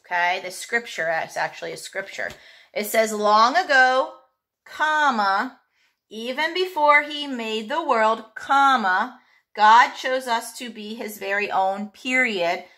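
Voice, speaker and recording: A woman teacher giving a young pupil a remote phonics and handwriting lesson, speaking clearly and encouragingly with drawn-out vowel sounds. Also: mid-range voice, sharp tone.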